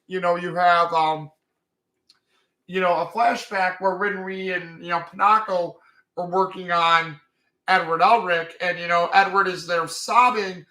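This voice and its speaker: A man with a high, sharp voice talks through an anime episode in a loose, rambling recap. He leans on fillers and restarts as he goes. The room around him rings with echo. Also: steady tone, a little slow. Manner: rambling, heavy with fillers like "you know".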